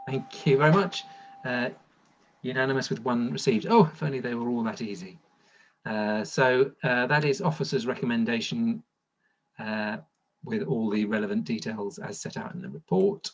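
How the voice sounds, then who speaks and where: A man chairing a council planning committee on a video call, brisk but full of hesitant ums and uhs. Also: medium pitch, animated, muffled recording. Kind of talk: chairing an online meeting.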